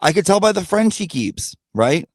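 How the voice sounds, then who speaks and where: A man's voice: high-pitched, sing-song, normal speed, a little mellow, no room sound, clean studio sound. A man telling a blunt, profane gossip story in a rambling rant-style monologue. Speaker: channel host.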